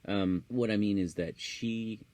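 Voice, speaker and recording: A man co-hosting a podcast in casual chat, chatty and quick to laugh, from Canada. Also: lowish voice, fairly even intonation, darkish tone, clear, resonant tone, no echo. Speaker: podcast co-host.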